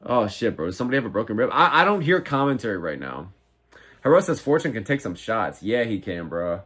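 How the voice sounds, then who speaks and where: A man in his twenties hosting a live fight watch-along, reading chat aloud and reacting in a profane, excitable way. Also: medium pitch, fast. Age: 20s. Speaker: live stream host.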